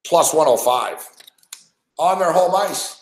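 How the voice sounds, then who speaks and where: Speaking slowly in a slightly high voice with lively intonation, a man hosting a sports betting show complains about his wagers, his frustrated rant thick with profanity. The casual betting talk sounds reverberant.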